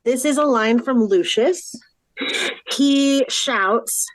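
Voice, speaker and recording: A woman's voice: high-pitched, slow pace, no room sound, poor audio. A woman guiding a casual podcast discussion, asking the group questions. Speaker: discussion leader. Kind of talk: casual chat.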